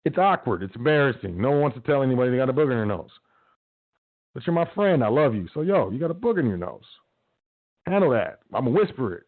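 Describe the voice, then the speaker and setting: This radio host talks fast in a sing-song, medium-pitched voice, giving laid-back motivational advice with a slangy, big-brother feel and playing out small quotes. The recording is dry but has a tinny, phone-like quality.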